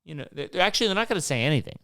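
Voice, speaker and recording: A man's voice: on the high side, big pitch swings, racing, bright, forceful tone, no room sound, clean studio sound. A young man hosting his own show, rambling on his own in a casual, profane rant full of restarts. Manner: rambling, swears often, many restarts. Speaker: podcast host.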